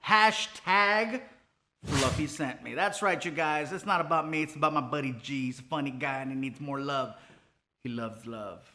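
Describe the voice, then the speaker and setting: A man's voice: on the high side, moderate pace, sharp tone. A man hosting a comedy show, wrapping up in an upbeat, chatty way and talking up a guest. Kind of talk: show wrap-up.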